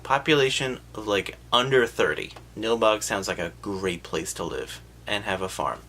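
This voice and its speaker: A man giving a sarcastic, profane comedic recap of a film, jumping into quick voices for the characters. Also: on the low side, bright, forceful tone, slight background noise.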